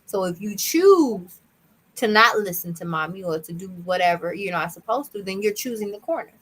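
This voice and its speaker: A woman's voice: mid-range voice, lively intonation, normal speed, a bit bright, breathy edge, rough recording. A young woman co-hosting a casual podcast chat, talking earnestly and at times acting out her small child's replies. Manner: earnest, acts out her toddler's voice. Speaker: podcast co-host.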